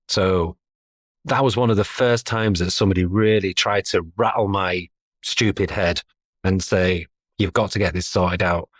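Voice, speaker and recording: Laughing between his thoughts, this middle-aged podcast guest chats freely and pokes fun at himself in a casual interview. He has a lowish voice, recorded dry at studio quality.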